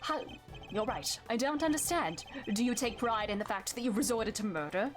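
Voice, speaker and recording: A woman voicing a calm, methodical male prosecutor laying out deductions. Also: fairly high pitch, close to an everyday voice. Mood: cold. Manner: measured, deductive. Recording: game music behind the voice.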